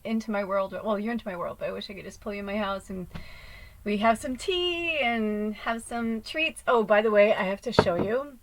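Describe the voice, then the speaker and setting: A woman's voice: medium pitch, poor audio. A woman hosting her own video, chatting casually to camera at home in a rambling, laughing way with some swearing. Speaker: spiritual channel host.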